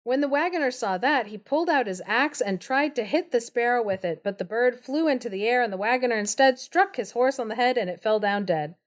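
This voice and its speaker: A woman's voice: on the high side, expressive, a little fast, few pauses. A woman telling a fairy tale on a live stream, narrating steadily and breaking off for playful, giggly asides. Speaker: storyteller, podcast co-host.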